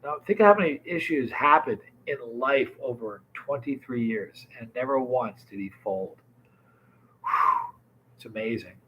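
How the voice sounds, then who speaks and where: A man's voice: mid-range voice, animated, normal speed, highs cut off, a little hiss or hum. Congested man hosting a casual livestream. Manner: greets chat viewers by name, rambling asides. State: stuffed-up nose, congested. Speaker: livestream host.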